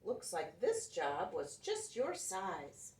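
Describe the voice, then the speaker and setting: A woman giving voice to a big, kind school bus who talks like a gentle mother, slow and reassuring, with a lively lilt. The sound is roomy, and the mic sits some way off. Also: mid-range voice, recorded from a distance.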